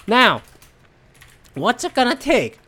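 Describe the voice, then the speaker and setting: A woman's voice: fairly high pitch, wildly swooping pitch, slow pace, pushed and bright. A woman hosting a solo podcast, ranting about politics bluntly and profanely, rambling with lots of fillers and restarts. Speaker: podcast host. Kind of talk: solo political commentary rant.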